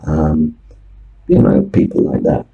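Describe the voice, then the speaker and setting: A man's voice: extremely low pitch, slow pace, gravelly, narrow, tinny audio. A man, an online English teacher, telling wry, rambling anecdotes about his students in a casual vlog. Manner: wry, rambling storyteller with many ums.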